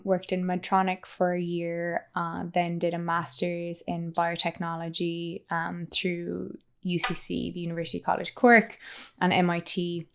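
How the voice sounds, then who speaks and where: Creaky-voiced Irish woman, chatty guest. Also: fairly low pitch. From Ireland. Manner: chatty, laughs often, many fillers. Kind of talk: casual interview chat.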